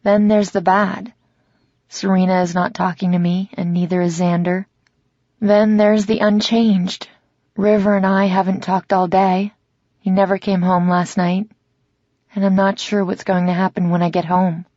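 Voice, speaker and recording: A woman narrating a first-person romance audiobook in a measured, reflective way. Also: mid-range voice, little pitch movement, a little mellow, dry recording, muffled recording.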